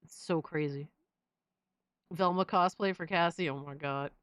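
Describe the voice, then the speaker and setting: A woman hosting a live stream, reading chat messages aloud and reacting in an excitable, profane, casual way. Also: deep voice, a little slow, clear, resonant tone, no echo. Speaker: livestream host reading chat.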